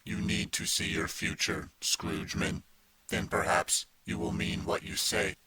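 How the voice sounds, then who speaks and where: A man voicing a cold robot ghost of the future in an audiobook, with a flat, metallic, computer-like delivery. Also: very deep voice, crowd noise. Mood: cold, droning. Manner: slow, clipped and unfeeling. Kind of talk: audiobook character voice.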